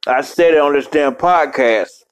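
A man's voice: a little high, measured pace. Profane rambling man riffing casually. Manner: loose, profane, rambling, slangy. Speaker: podcast host reacting to a movie.

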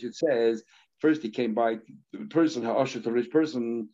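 A man teaching a Talmud lesson, explaining step by step with halting restarts and short stories. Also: medium pitch, dark tone, lo-fi sound.

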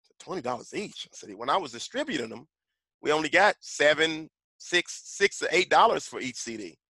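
A man's voice: fairly high pitch, sing-song, fairly quick, pushed and bright, dry recording. A middle-aged man, a rapper and voiceover artist, telling stories as a podcast guest and now and then breaking into rhymed verse. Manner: bursts into rhymed rap verses mid-talk. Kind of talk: animated conversational storytelling.

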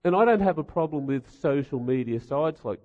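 A man's voice: a little high, animated, fairly quick. A middle-aged man giving a humorous sermon, telling stories with wry rhetorical asides. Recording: dull sound in a reverberant hall.

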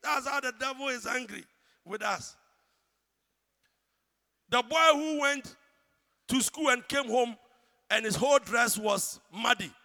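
A man with a Ghanaian accent preaching a sermon, shouting one moment and hushed the next. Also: extremely high pitch, a little slow, long pauses. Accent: Ghanaian English. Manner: dramatic, swings from shouting to hushed. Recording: church hall reverb.

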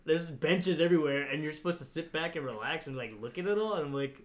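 A man's voice: fairly high pitch, fast talker. A young man telling a long, rambling story in casual chat, swearing freely and padding with fillers like "like" and "you know". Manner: rambling, profane, lots of fillers and laughs. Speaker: podcast storyteller.

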